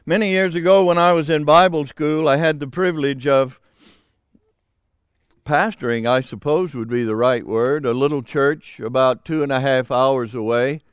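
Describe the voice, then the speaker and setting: An older man preaching a sermon, slow and emphatic with dramatic pauses. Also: mid-range voice, clear, resonant tone, no echo, clean studio sound.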